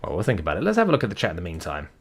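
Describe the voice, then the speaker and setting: A man's voice: sits low, wildly swooping pitch, rapid-fire. Man muttering on a live stream. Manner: muttering, thinking aloud, self-deprecating. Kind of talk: casual live-stream chat.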